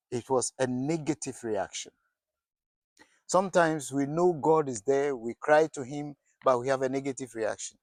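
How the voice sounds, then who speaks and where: A middle-aged man preaches a sermon with a voice of middling pitch. He asks his listeners questions and often stumbles and restarts mid-phrase. The sound is dry and close, with no room around him. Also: normal speed, darkish tone, dry recording. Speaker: pastor.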